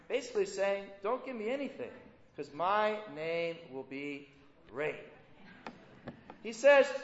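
Man, pastor, high voice, conversational sermon, rhetorical questions, muffled lo-fi sound. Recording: echoey hall, dull lo-fi sound.

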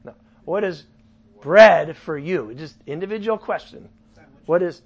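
A man's voice: on the high side, measured pace, pauses often, highs cut off. A man preaching a casual sermon, asking his listeners questions and joking as he teaches. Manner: animated, asks the audience questions, jokes. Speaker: pastor. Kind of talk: sermon Bible study.

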